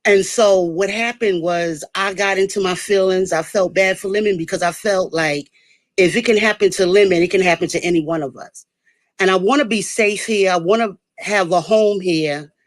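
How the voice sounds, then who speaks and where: A woman's voice: on the low side, no echo, clean studio sound. A woman calling into a livestream, nervous, earnest and apologetic. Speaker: caller. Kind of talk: casual livestream chat.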